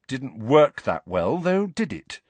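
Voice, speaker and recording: A man's voice: fairly low pitch, animated, normal speed, no echo. A man reading the part of a bitter, defiant teenage boy in an audiobook, in clipped, rising lines. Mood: angry.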